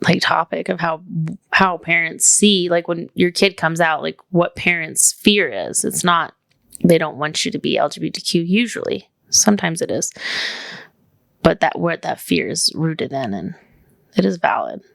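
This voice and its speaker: A woman with a low voice and plenty of gravelly fry co-hosts a podcast. She chats casually, filling her talk with "like", and the sound is dry and close on a studio microphone. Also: moderate pace, a bit bright, no echo. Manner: chatty, leans heavily on "like". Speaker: podcast co-host.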